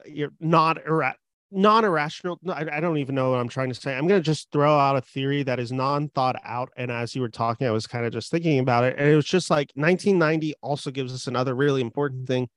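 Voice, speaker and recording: A young man in casual film discussion, animated and rambling with many fillers. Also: medium pitch, fast talker, dry recording, clean studio sound. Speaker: film podcast co-host.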